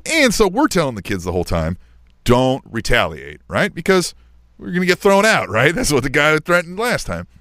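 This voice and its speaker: Slightly high-pitched and fairly quick, this middle-aged podcast co-host spins a lively story in loose conversation. He keeps checking in with "right?" at the end of his lines, and the studio-quality recording is dry.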